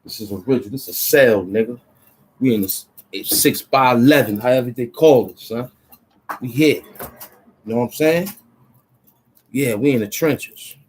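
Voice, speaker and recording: A man's voice: mid-range voice, normal speed, long pauses, slight background noise, rough recording. A man, a rapper, talking in a loose, rambling monologue full of street slang and "you know what I'm saying", in a small cramped room.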